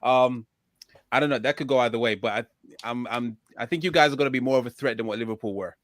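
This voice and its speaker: Male podcast host, relaxed and chatty, slightly sore throat, dead-dry mic. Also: mid-range voice, fast talker, no echo. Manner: laid-back, chatty, laughs easily. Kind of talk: casual chat.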